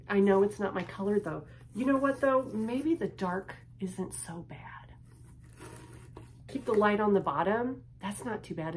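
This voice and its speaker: Slow-talking woman gushing over an unboxing. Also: mid-range voice. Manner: gushing, lingering, drops to a hush at times. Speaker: unboxing vlogger. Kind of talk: casual unboxing chat.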